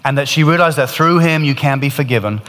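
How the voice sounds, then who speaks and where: Guy preaching a sermon, earnest and emphatic, average pitch, long echo like a big hall. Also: fast, a bit bright. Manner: earnest, emphatic, rises and drops in intensity. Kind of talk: sermon storytelling.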